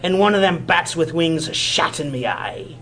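A man putting on a gruff old pirate with a hook. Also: fairly high pitch, big pitch swings, unhurried, a crowd in the background. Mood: storytelling. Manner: pirate dialect, dropping "my" for "me".

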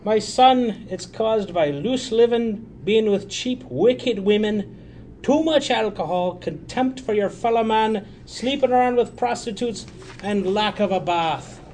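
Guy doing a loud high preachy priest, drags his words out. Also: a little hiss or hum. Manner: booming, drawn-out sermonizing. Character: pompous preachy male priest lecturing.

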